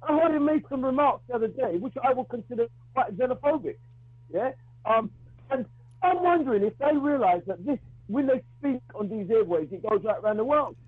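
Husky high-voiced man calling in by phone. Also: expressive, no room sound. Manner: halting, repeats and restarts words; outspoken, argues his view. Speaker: radio call-in caller. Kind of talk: phone-in talk radio call. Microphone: telephone. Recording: tinny phone line.

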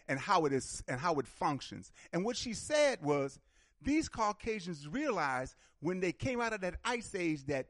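A man's voice: fairly high pitch, dry recording, studio quality. A man hosting a call-in radio talk show, speaking emphatically and animatedly, often repeating words as he builds a point.

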